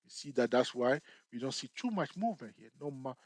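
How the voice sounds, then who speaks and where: A man's voice: mid-range voice, very animated, fairly quick. A man teaching a chart-trading lesson who keeps checking in with his listeners and jokes now and then. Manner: repetitive, checks in with "okay?" and "all right?"; jokey, laughs at himself. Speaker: trading tutor. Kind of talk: screen-share trading lesson.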